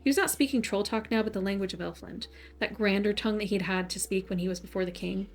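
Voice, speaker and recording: A woman narrating a bedtime story in a soft, soothing way. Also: medium pitch, fast.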